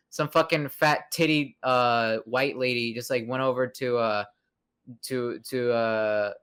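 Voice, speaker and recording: A man's voice: medium pitch, a bit bright, smooth. A young man hosting a podcast, chatting casually in a rambling, profane way with lots of fillers and restarts. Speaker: podcast host. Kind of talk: casual chat.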